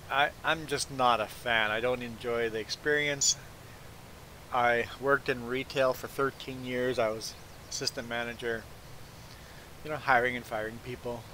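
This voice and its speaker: Man streaming a farming game, casual storyteller, stammers, mid-pitched voice, faint noise behind. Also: normal speed, long pauses, poor audio. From Belize. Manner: animated, stammers on repeated "I"s, acts out the people he quotes.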